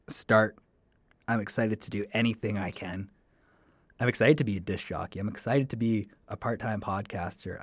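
Excited young man, dry close sound. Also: lowish voice, dry recording. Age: young adult. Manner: enthusiastic, rambling. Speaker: solo podcast host, broadcasting student. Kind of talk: casual solo podcast monologue.

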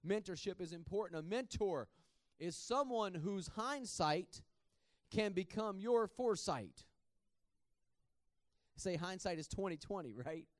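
Male preacher, high-pitched, conversational sermon with self-deprecating laughs, dry sound. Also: lively intonation, unhurried, long pauses, no echo. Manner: conversational, repeats words, laughs at himself.

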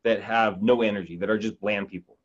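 Low-voiced man on dull lo-fi audio. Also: steady tone, a little fast. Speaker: podcast guest, real estate agent. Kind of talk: casual interview chat.

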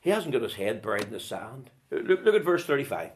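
A man preaching a sermon, building rhetorical questions and swinging from loud declarations to hushed tones. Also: medium pitch, big pitch swings, fairly quick.

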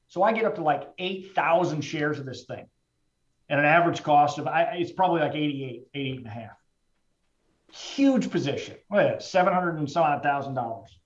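A middle-aged man with a fairly high voice tells his own story candidly, plain-spoken and heartfelt, with casual restarts. The sound is roomy and somewhat dull, as if recorded in an echoing space. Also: expressive, fairly quick. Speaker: trader speaking as a guest. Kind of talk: candid personal storytelling in a conversation.

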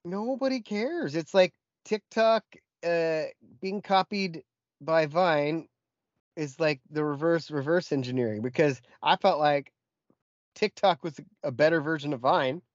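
Slightly high-voiced man riffing jokes. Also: measured pace, no room sound, muffled recording. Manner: banters, riffs on jokes, swears casually. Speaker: podcast co-host. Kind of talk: casual chat.

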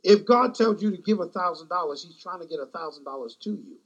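A male pastor with a high, husky voice delivers a sermon. He is emphatic, circles back on his own phrases and keeps asking the congregation whether they hear him. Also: expressive, fast talker, dull audio. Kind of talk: sermon with closing prayer.

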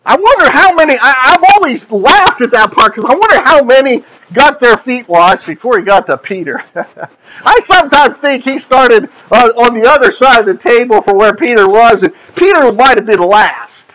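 A male pastor preaches in an unusually high voice. He tells his stories in an animated, playful way, letting his voice drop low and soft for the serious points. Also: normal speed, poor audio. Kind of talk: sermon.

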